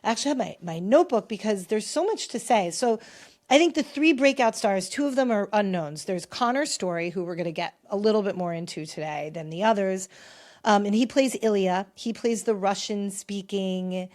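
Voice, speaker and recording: A woman hosting a pop culture podcast in a casual, opinionated voice. She talks in a chatty, freewheeling way and often swings from loud to quiet. Her pitch sits in the middle. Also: moderate pace. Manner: chatty, opinionated, shifts loudness a lot. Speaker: podcast host.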